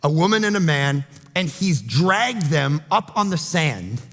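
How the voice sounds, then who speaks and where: A man preaching a sermon as pastor, telling stories with animated delivery and acting out other people's lines. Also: fairly high pitch, measured pace. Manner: storytelling, animated, acts out quotes. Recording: long hall reverb.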